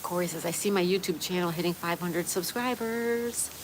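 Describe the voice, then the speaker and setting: Reading viewer comments aloud and chatting on her livestream, a woman from Florida speaks at a moderate pace in a lowish voice. There's background noise from the rain around her.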